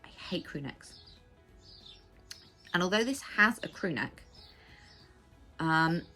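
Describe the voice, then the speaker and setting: An English woman chatting casually as the host of a knitting podcast, rambling with quick asides. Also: lowish voice, animated, bright, forceful tone, soft background music. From England. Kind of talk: casual chat. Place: home.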